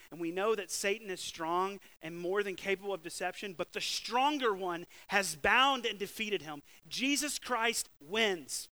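A man preaching a sermon with lively swings between loud, emphatic bursts and hushed, slow scripture reading. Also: high voice, dry recording, poor audio. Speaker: pastor.

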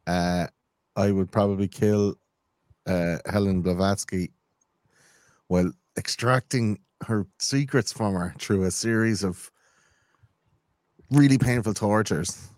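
A man's voice: on the low side, steady tone, takes it slowly, long pauses, darkish tone, no echo, clean studio sound. A man guesting on a podcast, rambling through sarcastic, crude jokes. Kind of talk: crude casual banter.

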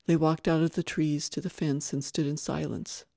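A narrator reading a western novel aloud in a steady, hushed storytelling manner. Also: medium pitch, moderate pace, vocal fry, dry recording, studio quality.

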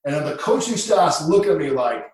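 Male storyteller, former school dean, lively and dramatic, heard in a roomy space from a distant mic. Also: fairly high pitch, brisk. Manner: animated storyteller, swings from hushed to shouting. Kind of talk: casual storytelling in conversation. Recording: echoey room, distant mic.

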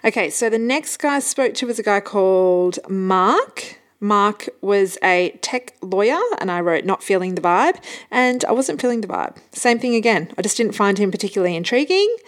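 A woman's voice: mid-range voice, expressive, moderate pace. Chatty woman podcast host. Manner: chatty storyteller, laughs often. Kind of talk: casual solo podcast chat.

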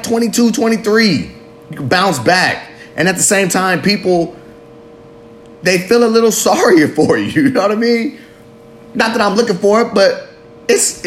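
A man in his late thirties with a medium-pitched voice talks candidly to the camera. His confessional monologue rambles, mocks himself and is heavily profane. There's a little hiss or hum in the recording.

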